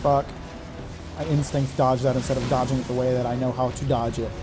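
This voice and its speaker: A man's voice: medium pitch, flat delivery, fairly quick. A man streaming a hard game, commenting on his play in frustration, swearing and talking to himself. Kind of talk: live gameplay commentary. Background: game music.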